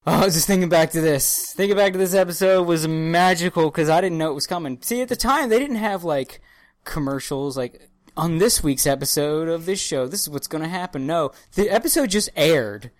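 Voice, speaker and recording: Low voiced woman gushing about old cartoons, swears a lot, gets loud and excited, dry close mic. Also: a little fast, no room sound. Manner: excitable and profane, acts out scenes in voices. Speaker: podcast co-host. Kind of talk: casual chat, animated storytelling.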